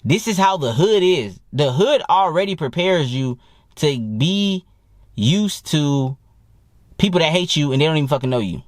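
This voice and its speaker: A young man talking as a dating coach in a blunt, profane and animated casual monologue. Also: fairly high pitch, normal speed, dry recording, studio quality. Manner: profane, blunt and animated, mimics people he quotes.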